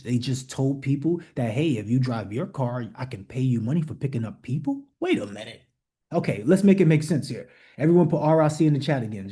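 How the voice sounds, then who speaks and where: Speaking with a slightly high, dark-toned voice, a man coaches a group through an online leadership call. The talk is motivational teaching, delivered bluntly and emphatically through repeated rhetorical questions and direct commands.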